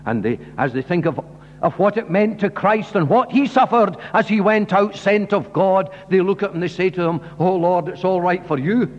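A man's voice: high voice, lively intonation, moderate pace. A man preaching a sermon, earnest and emphatic, often asking the listeners questions directly. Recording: dull recording in a large hall with faint hum.

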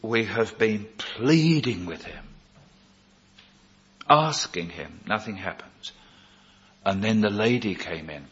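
Male preacher, slow and expressive delivery, storytelling sermon, dull lo-fi recording. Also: fairly low pitch. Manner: slow storytelling, quoting others in dialogue. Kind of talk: sermon testimony.

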